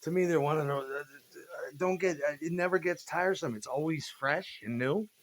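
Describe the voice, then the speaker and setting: A man's voice: on the high side, brisk, a little hiss or hum. A man in his forties rambling casually in a monologue, laid-back and meandering, with frequent swearing. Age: 40s.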